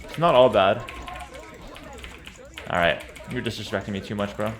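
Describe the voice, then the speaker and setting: A man casually commentating his own strategy game as he plays, relaxed and confident, often repeating and slurring his words. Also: lowish voice, normal speed, background noise. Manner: stumbles, repeats and slurs words. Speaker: streamer playing a strategy game. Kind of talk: casual live gameplay commentary.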